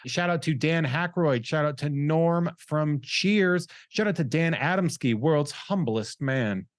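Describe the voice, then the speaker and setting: A young man hosting a podcast in casual, rambling chat, joking around and reading out listener shout-outs. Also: a little high, a little slow, no room sound, studio quality. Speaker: podcast host.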